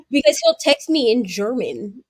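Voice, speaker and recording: High, chatty woman host. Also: big pitch swings, husky, no echo. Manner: chatty storyteller, quick asides, laughs often. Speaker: host of a long reading and craft sprint stream. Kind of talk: casual chat.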